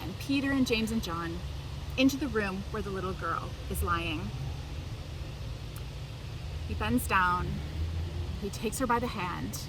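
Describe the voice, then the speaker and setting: A woman telling a scripture passage from memory in a slow, deliberate, expressive way. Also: mid-range voice. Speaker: biblical storyteller. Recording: distant mic, traffic noise.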